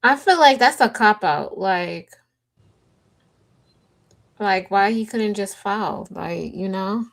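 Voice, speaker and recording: A woman's voice: medium pitch, takes it slowly, gravelly, long pauses. A woman on a talk panel speaking bluntly in slang and putting questions to the others. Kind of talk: casual panel chat.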